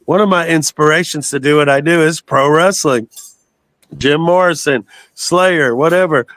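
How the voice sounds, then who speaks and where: A man's voice: on the high side, moderate pace, fairly bright tone, dry recording. A man in his sixties from the United States, a guest telling long rambling stories in a casual interview and swearing freely. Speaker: guest, metal singer.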